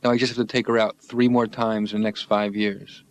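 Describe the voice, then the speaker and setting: A man's voice: fairly low pitch, flat delivery, fairly quick, faint music behind, natural voice. A man voicing a brash joke-telling comedian patient. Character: male stand-up comedian patient, joking. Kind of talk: stand-up routine.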